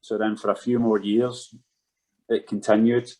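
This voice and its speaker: A man with a somewhat low voice speaks as a podcast guest. He is frank and swears freely as he tells a personal story in a candid, conversational way. He sounds like a man in his thirties. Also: little pitch movement, a little slow, mellow, poor audio. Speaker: podcast guest, former footballer.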